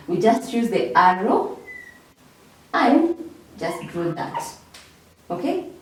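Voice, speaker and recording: A woman teacher speaks slowly with a rising and falling, expressive pitch, repeating each key word several times. She stands away from the microphone. The room gives her voice a strong echo. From Kenya. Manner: slow, repeats key words with drawn-out emphasis. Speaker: English teacher. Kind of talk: revision lesson. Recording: echoey room, far from mic.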